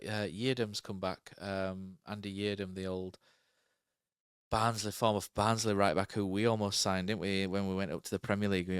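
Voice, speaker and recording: Low, smooth-voiced man chatting football. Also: dry recording, clean studio sound. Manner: rambling, thinking aloud with fillers and tag questions. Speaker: podcast co-host. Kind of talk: casual football chat.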